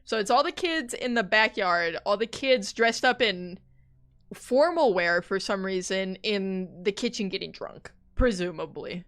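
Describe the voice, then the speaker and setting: A woman's voice: mid-range voice, expressive, unhurried, fairly bright tone. A woman streamer giving joking, incredulous live reactions to a story. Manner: incredulous, joking, laughing asides.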